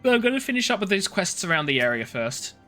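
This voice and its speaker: A tired male streamer, yawning and muttering playful complaints as he plays. His voice is bright and his pitch lively. Faint game music sits underneath. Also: fast. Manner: playful, muttering, self-mocking. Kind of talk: casual gaming stream chat.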